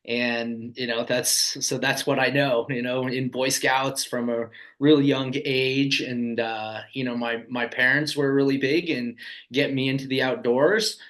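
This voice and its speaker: Man in his thirties, laid-back podcast guest, middle-pitched, easygoing and rambling. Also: unhurried, poor audio. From Colorado, USA. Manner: relaxed, rambling, lots of "you know" and "um". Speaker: guest, ski company founder. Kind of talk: casual interview chat.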